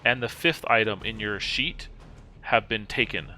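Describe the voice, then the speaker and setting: Bright-voiced man running a tabletop game. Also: fairly low pitch. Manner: casual, halting with fillers and restarts. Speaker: game master.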